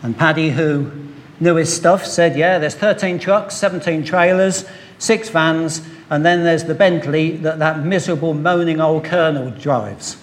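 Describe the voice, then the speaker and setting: A man preaching a sermon, opening with a told story and acting out its voices with measured pauses. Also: fairly high pitch.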